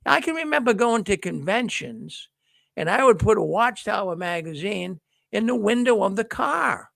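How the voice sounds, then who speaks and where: Host: gravelly, fairly high-voiced middle-aged man, folksy storyteller, dry close mic. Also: big pitch swings, measured pace, a bit bright, no room sound. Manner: folksy storytelling, acts out quoted dialogue. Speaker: host of a news livestream. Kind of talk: casual monologue to viewers.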